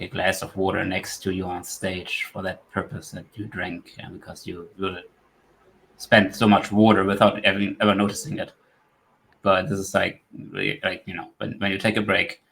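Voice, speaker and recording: A man's voice: fairly low pitch, vocal fry, fairly bright tone, poor audio. A man hosting an online tech event, thanking a speaker and chatting loosely with lots of "like" fillers. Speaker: event host and moderator. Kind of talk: casual moderation between talks.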